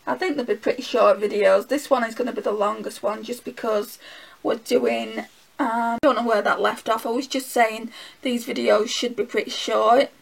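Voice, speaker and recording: A woman's voice: fairly high pitch, steady tone, normal speed, vocal fry, poor audio. A woman with a Northern English accent, chatting casually to viewers while she swatches makeup and thinks aloud. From England. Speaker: beauty vlogger.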